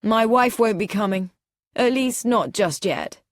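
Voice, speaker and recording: A woman voicing a charming, teasing young gentleman with dry wit, in an easy, amused, unhurried manner. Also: on the high side, animated, no room sound, voice pushed up.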